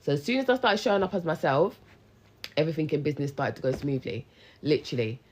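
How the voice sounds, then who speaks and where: A woman's voice: low-pitched, big pitch swings, quick pace, a little mellow, a little hiss or hum. A young woman, a business coach, chatting casually and animatedly on a phone live stream, full of slang and talking straight to her viewers. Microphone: handheld phone live stream.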